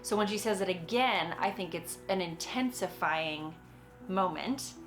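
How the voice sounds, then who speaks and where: A woman's voice: fairly low pitch, measured pace, soft background music. Chatty woman teaching, echoey room. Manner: chatty and explanatory, with frequent little laughs and acted-out quotes. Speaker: acting teacher explaining a monologue. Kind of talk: casual spoken tutorial.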